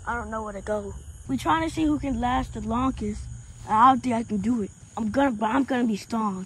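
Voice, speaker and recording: Anxious high-voiced woman lost in woods. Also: brisk. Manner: anxious, calling out to friends. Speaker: vlog participant. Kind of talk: casual vlog chat. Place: dark woods at night, outdoors. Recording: noisy outdoor phone recording.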